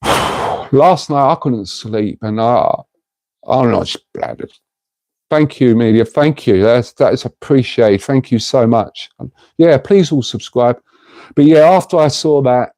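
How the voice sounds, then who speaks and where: Speaking to viewers on a casual livestream he hosts, this middle-aged man rambles earnestly. He has a medium-pitched voice, dark in tone, captured in a dry recording.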